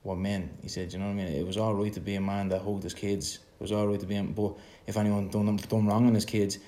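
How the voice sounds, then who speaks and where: Low, flat-voiced Irish man. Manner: halting, with repeated words and restarts. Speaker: son in a conversation. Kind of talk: reflective conversation.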